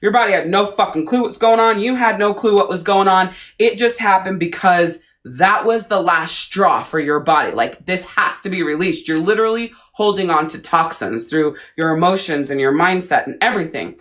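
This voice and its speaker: A woman's voice: lowish voice, normal speed, hardly any pauses, a bit bright. A woman coach giving a blunt, profane, casual talk on a live video stream, speaking straight to her viewers.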